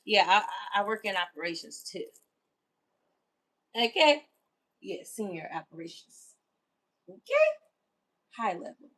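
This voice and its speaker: A woman's voice: medium pitch, a bit bright. A woman hosting a livestream in casual chat, candid and self-affirming, who keeps asking "you know what I'm saying?". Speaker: livestream host.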